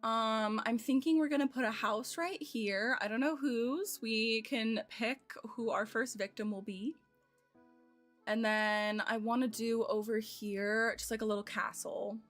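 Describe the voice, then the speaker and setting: Giggly American woman streamer in her twenties, slightly high voice, soft game music underneath. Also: steady tone, unhurried. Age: 20s. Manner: chatty, giggly, thinks aloud. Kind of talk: casual chat while playing a game.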